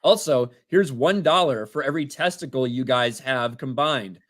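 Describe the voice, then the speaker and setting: A man in his thirties with a medium-pitched voice at normal speed co-hosts a casual livestream. He reads out viewer donations, names and messages included, laughing often along the way.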